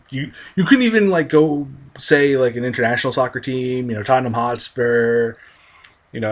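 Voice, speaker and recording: A man's voice: medium pitch, a bit bright. A man from the United States, ranting with constant profanity and reading an article aloud between angry, rambling tangents full of restarts. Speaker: video commentator.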